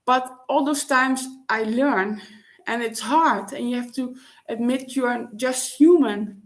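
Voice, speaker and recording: In a slightly high voice, a female vlogger whose first language is Dutch reflects on personal matters in a monologue. Her speech is halting, with frequent restarts as she hunts for the right words.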